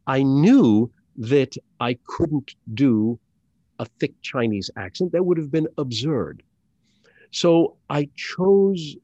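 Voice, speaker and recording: A middle-aged man, an actor and audiobook narrator, speaking as an interview guest in a deliberate, hesitant way with many fillers and restarts. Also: medium pitch, darkish tone, breathy edge, no room sound. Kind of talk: conversational interview. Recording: dull lo-fi dry sound.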